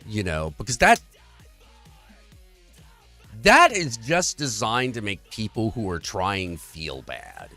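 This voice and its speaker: A man's voice: fairly low pitch, wildly swooping pitch, slow pace, pauses often, sharp tone, faint music behind. A man hosting a livestream, in an earnest, rambling and profane rant about society. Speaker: livestream host. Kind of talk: casual political rant.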